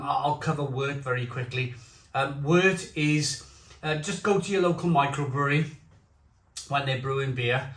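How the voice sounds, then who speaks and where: A man's voice: mid-range voice, fairly bright tone. A man reviewing beers in a casual, rambling chat to camera, stumbling over restarts. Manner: chatty and rambling, with stammered restarts. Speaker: beer reviewer. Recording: echoey room.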